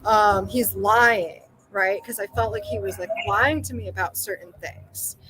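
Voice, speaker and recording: A young woman telling a personal story in casual chat, rambling with lots of fillers and animated self-quoting. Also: mid-range voice, measured pace, background noise. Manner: rambling, full of likes and you-knows, animated quoting. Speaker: podcast guest.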